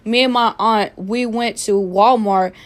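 A young woman hosting her own podcast, telling a story in a casual, animated way, repeating herself with sassy asides. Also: mid-range voice, a little slow. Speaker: podcast host.

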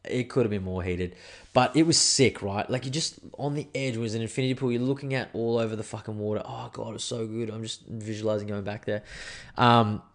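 A young Australian man in a casual podcast at home, spinning a yarn with animated, slangy energy and frequent swearing. His voice sits a little on the lower side. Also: fairly quick. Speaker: podcast host. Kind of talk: casual storytelling. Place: indoors at home.

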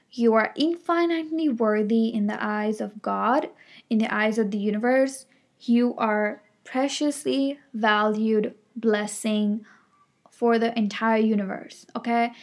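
A woman giving an earnest motivational talk, emphatic and repetitive, full of affirmations and frequent "like" fillers. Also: on the high side. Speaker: self-help speaker. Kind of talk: motivational monologue.

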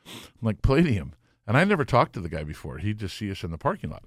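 Low-voiced, laid-back, cursing man. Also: wildly swooping pitch, very fast, fairly bright tone, no echo, studio quality. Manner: profane, laid-back storyteller. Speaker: guest. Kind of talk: casual storytelling chat.

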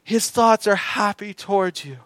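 A man preaching a sermon. He tells a personal story with feeling, often dropping to soft, hushed tones for emphasis. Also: high-pitched, measured pace, no room sound.

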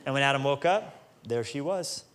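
A man's voice: medium pitch, lively intonation, normal speed, fairly bright tone, a little hiss or hum. A male pastor preaching a casual, joking sermon in street-level language, building to emphatic peaks.

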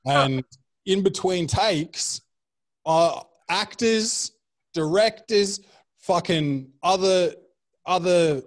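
A man's voice: high voice, drawn-out words. A young man, a comedian guest, telling rambling anecdotes and swearing freely in casual chat.

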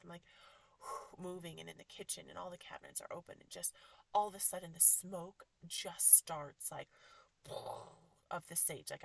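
Gravelly low-voiced woman, emotional storytelling, slips into whispers, lots of likes. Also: fairly bright tone, far from the mic. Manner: emotional, drops into whispers, many fillers. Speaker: podcast host. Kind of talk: personal storytelling.

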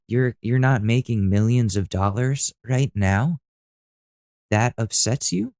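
Profane ranting young man, dark voice. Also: medium pitch, no room sound, clean studio sound. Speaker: podcast host. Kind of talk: casual rant to camera.

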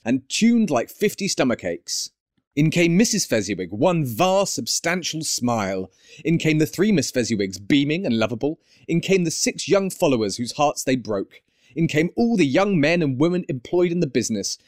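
A man narrating an audiobook in an animated, expressive storytelling manner. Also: on the high side, dry recording, clean studio sound. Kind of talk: scripted narration.

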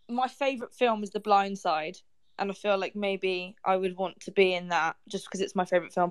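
A woman's voice: mid-range voice, dry recording. A woman, a footballer guest on a podcast, chatting in a blunt, cheeky way. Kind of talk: casual chat.

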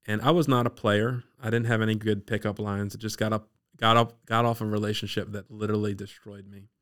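A man from the Eastern Shore of Maryland tells a personal story as a podcast guest. His voice sits low and sounds smooth and resonant. He tells it in an animated way. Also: brisk. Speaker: guest sharing his testimony.

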